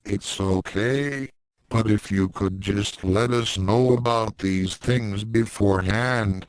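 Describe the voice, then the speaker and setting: A man's voice: on the low side, slow, clean tone, no room sound, poor audio. Man voicing a pushy, demanding teenage boy. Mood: reproachful. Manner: insistent, pressing questions.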